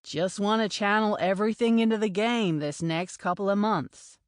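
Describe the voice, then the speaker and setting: A woman's voice: mid-range voice, normal speed, dry recording, clean studio sound, close to an everyday voice. A woman voicing a brash young male rugby player with a cocky, joking manner.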